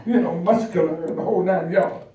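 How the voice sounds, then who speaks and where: A male pastor preaching a lively storytelling sermon, calling out to his congregation. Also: sits high, a little fast. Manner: animated storytelling, calls out to the congregation. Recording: echoey church hall, mic far off.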